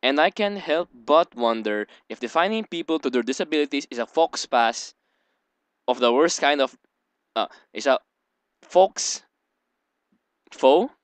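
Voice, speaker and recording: Reading a visual novel aloud for his let's play, a young man keeps breaking off into giggly, rambling tangents. His voice is smooth, clean, medium-pitched, and lively in intonation at a normal speed, captured close on a dry desk microphone with no echo or room sound.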